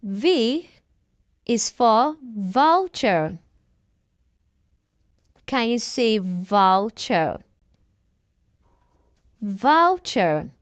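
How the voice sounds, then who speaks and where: Very slow, lively woman teaching toddlers. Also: a little high, no echo. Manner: prompting listeners to repeat words. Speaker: children's alphabet narrator. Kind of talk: slow scripted narration for toddlers.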